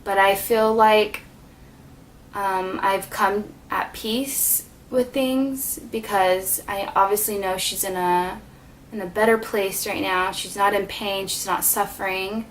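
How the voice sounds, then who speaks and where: A woman's voice: mid-range voice, fairly even intonation, takes it slowly, slight background noise. A woman vlogger telling a personal story from her apartment, heartfelt and loose, full of "like" and "you know.". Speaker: beauty vlogger.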